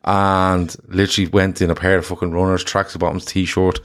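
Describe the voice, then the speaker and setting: An Irish man in his thirties co-hosts a casual football chat, telling everyday stories with frequent laughs and plenty of swearing. His voice sits a little low, and the pitch swings between relaxed and animated. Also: brisk. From Ireland. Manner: chatty storyteller, swears freely, laughs often. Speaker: podcast co-host.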